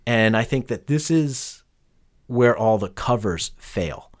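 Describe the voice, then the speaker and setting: A man's voice: medium pitch, animated, takes it slowly. Joking, enthusiastic man in casual chat. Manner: enthusiastic, joking, does silly voices. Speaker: podcast co-host. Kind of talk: casual chat about music.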